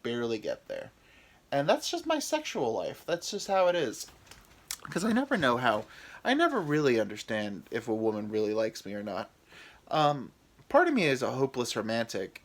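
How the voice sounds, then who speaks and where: A man in his thirties hosting a podcast, telling rambling, self-deprecating comic stories about his anxiety with women. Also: medium pitch. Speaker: podcast host. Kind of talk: rambling comedic storytelling.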